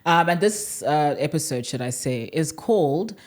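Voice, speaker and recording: A woman's voice: sits low, expressive, moderate pace. A young woman from South Africa co-hosting a podcast, chatting casually with frequent laughs and fillers. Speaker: podcast co-host.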